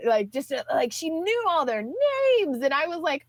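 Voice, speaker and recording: A woman's voice: high-pitched, lively intonation, moderate pace, hardly any pauses, no echo. A woman in her thirties, a podcast guest telling a personal story in a chatty way, full of fillers and restarts.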